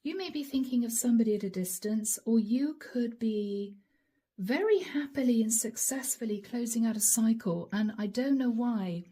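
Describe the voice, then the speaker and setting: A hoarse woman giving a channeled tarot reading, musing aloud and speaking straight to viewers by star-sign nickname. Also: on the high side, moderate pace, mellow. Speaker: tarot reader.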